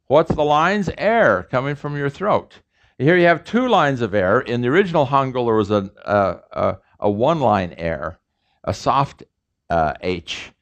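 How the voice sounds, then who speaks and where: A man, a professor, giving a classroom lecture and explaining sounds step by step, with fillers and restarts. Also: mid-range voice. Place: lecture room. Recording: dull lo-fi lecture recording.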